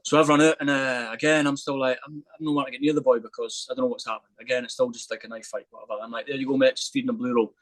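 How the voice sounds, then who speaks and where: A young man talking fast as a podcast guest, spinning a story in a lively, animated way and swearing freely. His voice sits at an ordinary middle pitch and sounds close and dry, with no room around it. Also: no room sound, low-quality recording. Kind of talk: storytelling in a casual interview.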